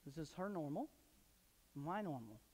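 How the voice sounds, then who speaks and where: A male pastor preaching a sermon in a church, telling personal stories and swinging into loud emphatic bursts. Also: fairly high pitch, big pitch swings, moderate pace, husky. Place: church sanctuary. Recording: long hall reverb.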